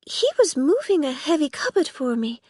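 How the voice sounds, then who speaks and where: A woman's voice: high voice, sing-song, normal speed, a little mellow, dry recording, studio quality, pitched above the performer's own voice. A woman voicing a frightened, timid young housemaid in a storybook reading. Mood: afraid.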